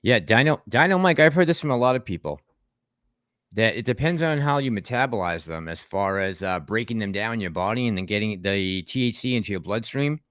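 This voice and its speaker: A man's voice: on the low side, lively intonation, fairly quick, fairly bright tone, dry recording, clean studio sound. A man hosting a casual livestream, chatting with a co-host and reading viewer comments aloud in a rambling way. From Boston. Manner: chatty, rambling, laughs often.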